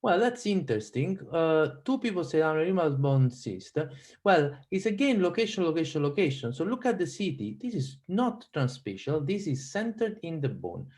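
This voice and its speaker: Animated Italian-accented man lecturing. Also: fairly high pitch, normal speed. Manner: animated, quizzing the audience with many restarts. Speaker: radiology lecturer. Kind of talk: online teaching lecture.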